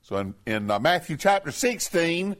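Lively, high-voiced male preacher. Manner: emphatic, reads scripture in a slow raised voice. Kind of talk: sermon.

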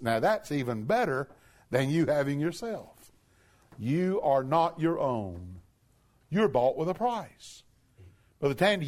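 A man preaching a sermon from a church pulpit, emphatic, with big swoops up to shouted peaks. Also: a little high. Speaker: pastor.

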